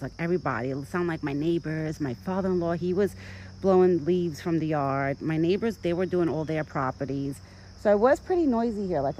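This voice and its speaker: A woman casually vlogging outdoors in a yard, rambling in a chatty way and cooing softly in a high voice to soothe her deer. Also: a little hiss or hum, poor audio. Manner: rambling and chatty, full of "like" and "you know". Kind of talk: casual outdoor vlog chat. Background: crickets and outdoor nature sounds.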